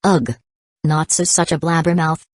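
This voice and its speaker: A woman's voice: sits low, fairly even intonation, a little slow, no echo, clean studio sound. A woman voicing a polite young girl new to a guild, in an audiobook reading.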